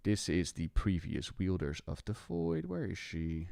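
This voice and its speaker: A man, chatty and excitable, commenting live to his stream chat and talking to the game. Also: low voice, unhurried, gravelly, dry recording, clean studio sound.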